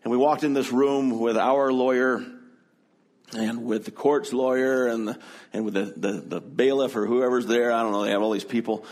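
A man's voice: mid-range voice, fairly even intonation, normal speed, darkish tone. A middle-aged man preaching, telling a personal story in an earnest, conversational way before moving into scripture. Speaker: pastor.

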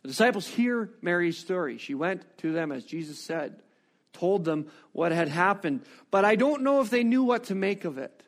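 A man preaching a sermon, reading scripture and reflecting on it with expressive, rising rhetorical questions. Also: sits high, moderate pace.

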